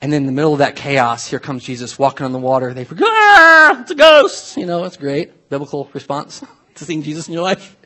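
A man preaching a sermon as pastor, telling a Bible story in a lively way, swinging from soft asides to loud acted-out voices. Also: mid-range voice, fast talker.

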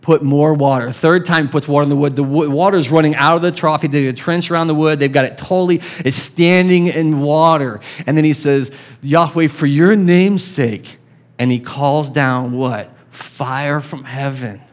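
A man's voice: fairly high pitch, fairly even intonation, moderate pace, few pauses. A man preaching a sermon as pastor, casual and conversational, with chuckles and restarts.

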